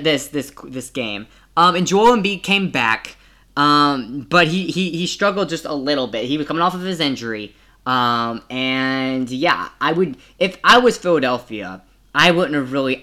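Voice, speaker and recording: A man's voice: on the high side, pushed and bright. A young man hosting a solo sports podcast, talking in a casual, rambling way with many restarts. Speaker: podcast host.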